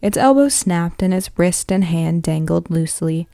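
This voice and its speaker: A woman's voice: on the low side, animated, moderate pace, creaky, dark tone, no echo, studio quality. A woman reading a novel aloud in a plain manner, with occasional slips that she corrects. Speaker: reader.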